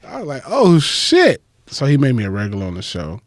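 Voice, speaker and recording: Profane, animated comedian man. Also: rapid-fire, no echo, clean studio sound. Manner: profane, acts out quotes with big jumps in pitch. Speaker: comedian guest. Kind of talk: animated storytelling in casual chat.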